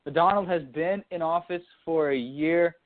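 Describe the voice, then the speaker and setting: Young guy from dallas, kinda high voice, rambles and restarts, sounds like a phone line. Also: moderate pace. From Dallas, Texas. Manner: rambling, restarts mid-thought. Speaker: radio show co-host. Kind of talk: casual sports and politics talk. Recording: phone-line quality audio.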